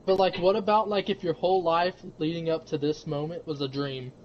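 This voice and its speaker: A teenage boy musing out loud in casual chat, giggling now and then. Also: on the high side, fairly even intonation, brisk, lo-fi sound, slight background noise.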